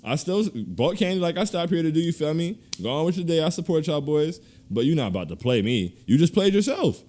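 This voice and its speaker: A man co-hosting a casual podcast, ranting in animated, slangy bursts and laughing through his complaints. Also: fairly high pitch, brisk. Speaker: podcast co-host.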